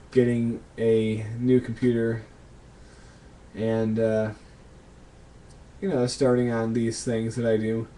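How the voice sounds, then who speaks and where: A young man answers viewer questions in a casual vlog, thinking aloud and pausing with frequent ums. His voice sits at an ordinary pitch with a dark, mellow tone. A faint hiss of room noise sits underneath.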